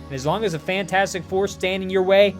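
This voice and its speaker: A man voicing a calm, clever team leader with a measured, reasoning way of talking. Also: sits high, soft background music, natural voice. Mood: urgent.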